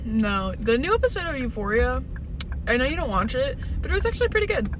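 A young woman in casual chat, loud and swearing, ranting and exclaiming as co-host in a car. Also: high voice, sing-song, fast. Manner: loud, profane, exclaims and rants. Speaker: podcast co-host. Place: in a car in traffic. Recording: distant mic, loud car and street noise.

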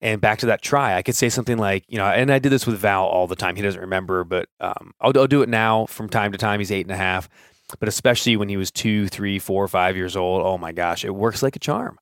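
A man's voice: on the low side, a little fast, no echo, studio quality. A man in his thirties hosting a solo podcast, talking casually and thinking aloud with fillers and restarts. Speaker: podcast host.

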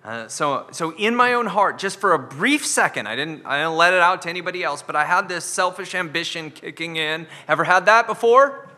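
A man's voice: on the high side, lively intonation, fairly quick, few pauses, bright, forceful tone, big-room sound. A man preaching an earnest sermon as pastor, often repeating words as he builds a point. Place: church sanctuary.

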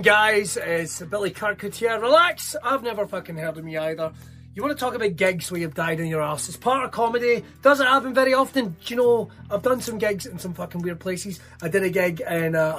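A Scottish man doing stand-up, telling stories in a sweary, animated way. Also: high-pitched. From Scotland. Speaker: stand-up comedian. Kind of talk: stand-up routine.

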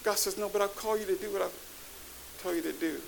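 A man preaching a sermon to a live congregation, animated, calling out to the audience and rising to shouts. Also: high voice, fast, gravelly, slight background noise, rough recording. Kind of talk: sermon with testimony. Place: church before a live congregation.

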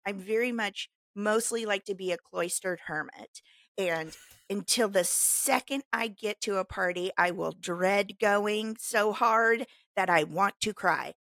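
A woman from Missouri, co-hosting a podcast and telling animated stories in casual chat. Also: medium pitch, unhurried, dry recording. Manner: animated storyteller who acts out quotes. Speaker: podcast co-host.

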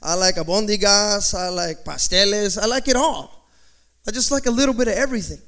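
A pastor preaching a sermon in an animated, conversational way, with joking asides. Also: male voice, high-pitched, fairly quick. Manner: slips into playful put-on accents in quotes.

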